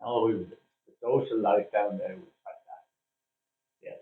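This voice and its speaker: An older man from Ireland, a former cricketer, reminiscing in a casual interview, telling his stories with plenty of "uh" pauses. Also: on the low side, fairly even intonation. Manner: chatty storyteller with frequent "uh" pauses. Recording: distant, phone-like, roomy sound.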